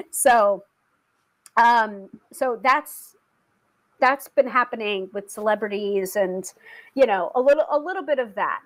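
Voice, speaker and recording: A chatty young woman tarot reader hosting her weekly live stream. She speaks in a fairly high voice, rambling casually with plenty of fillers and quick laughs. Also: lively intonation, low-quality recording. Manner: chatty, laughs often, many fillers and restarts.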